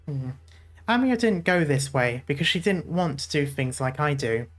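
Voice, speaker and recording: A woman's voice: low voice, animated, moderate pace. A woman playing a game on stream, reading its text aloud and adding casual, chatty comments. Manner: chatty, reads lines aloud then comments with asides.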